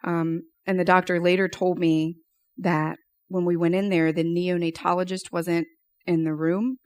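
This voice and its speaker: A woman's voice: fairly low pitch, little pitch movement, a little slow, a little mellow, dry recording, clean studio sound. A young woman giving a personal testimony at church, telling her story conversationally with lots of fillers.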